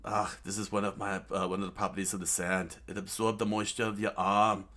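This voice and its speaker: A man's voice: lowish voice, flat delivery, fairly quick, pushed and bright. A man reading a comic aloud and voicing a smug, scornful adult male villain with a sneering, dismissive manner. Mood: gloating.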